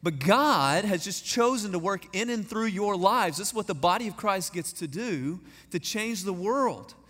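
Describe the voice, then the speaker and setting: Guest preacher, Texan man in his 30s, high-pitched voice, folksy storyteller, echoing church hall. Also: animated, normal speed, a bit bright. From East Texas. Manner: folksy, self-deprecating humor, addresses the congregation directly. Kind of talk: storytelling sermon. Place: large church sanctuary. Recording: echoey church hall reverb.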